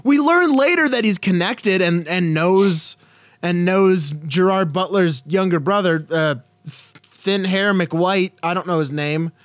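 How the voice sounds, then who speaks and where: A man with a fairly high voice talks slowly and sarcastically, mocking a movie on a podcast. His restarts and trailing asides keep it loose. The sound is dry and close, with no room around it. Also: smooth, no room sound. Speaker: podcast co-host. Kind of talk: casual movie-review chat.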